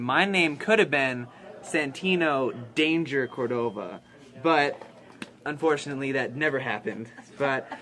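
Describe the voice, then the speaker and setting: Upbeat guy asking questions, bright sharp voice, middle pitch. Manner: enthusiastic, says "nice" often. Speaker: interviewer. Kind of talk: casual interview.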